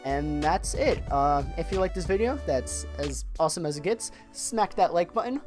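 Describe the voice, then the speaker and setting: Animated young man telling a story. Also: fairly high pitch, normal speed, faint music behind. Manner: animated, profane, repeats words when excited. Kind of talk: casual storytime monologue.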